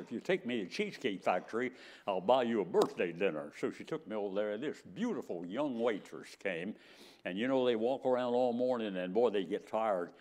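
Brief: older male preacher, folksy storyteller, animated voice, quoted dialogue acted out. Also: fairly low pitch. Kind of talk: sermon storytelling.

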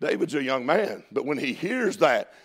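A man preaching a lively sermon in a Southern US accent, shouting at peaks and laughing between folksy asides. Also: medium pitch, normal speed, slightly rough.

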